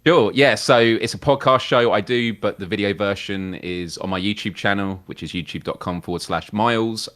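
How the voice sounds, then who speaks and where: A man's voice: lowish voice, fairly bright tone. A man guesting on a live gaming show, explaining his projects in an easygoing, chatty way. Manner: easygoing, explanatory, loose with fillers. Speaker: guest co-host. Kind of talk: casual chat.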